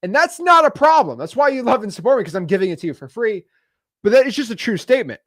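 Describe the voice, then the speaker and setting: A man giving a casual coaching talk on cold calling, chatty, with quick asides and frequent laughs. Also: very high voice, big pitch swings, fairly bright tone, no echo.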